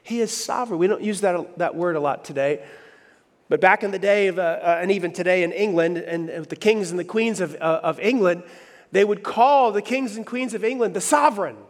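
A pastor preaching a lively sermon, acting out the voices he quotes. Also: sits high, a little fast. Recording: long hall reverb.

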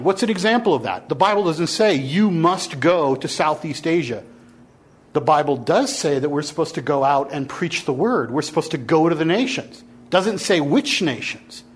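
Animated man teaching a Bible class. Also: on the high side. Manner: animated, challenging students to push back. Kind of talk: interactive classroom lecture.

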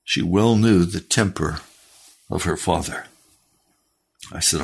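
Male pastor, middle-aged, unhurried pleading sermon delivery, a bit raspy. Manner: earnest, pleading, rises in pitch when exhorting. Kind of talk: sermon with read-aloud testimony.

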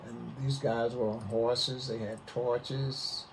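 A man's voice: medium pitch, level tone, gravelly, a little hiss or hum, rough recording. An older man from Mississippi, telling stories unhurriedly as a guest in an interview. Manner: unhurried, vivid storyteller. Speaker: musician guest. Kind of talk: storytelling interview.

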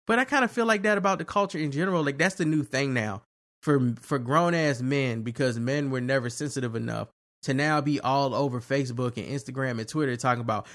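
A man co-hosting a podcast, ranting in a loose, profane, animated way during casual chat. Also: medium pitch. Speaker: podcast co-host.

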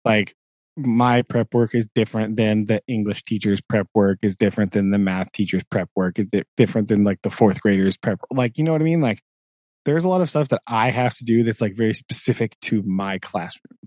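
A man's voice: on the low side, fairly quick, darkish tone, dry recording. A man co-hosting a podcast, venting in a rambling casual chat full of fillers and laughs. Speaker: podcast co-host.

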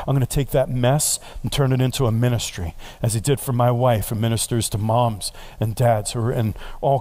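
A man's voice: medium pitch, dark tone. A middle-aged male pastor preaching a sermon in a conversational way, often asking the congregation questions.

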